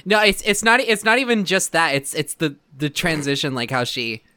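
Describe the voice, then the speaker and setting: A woman's voice: medium pitch, sing-song, moderate pace, bright, forceful tone, no echo, clean studio sound. A woman co-hosting a podcast, chatting casually and reacting with enthusiasm. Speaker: podcast co-host. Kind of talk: casual chat.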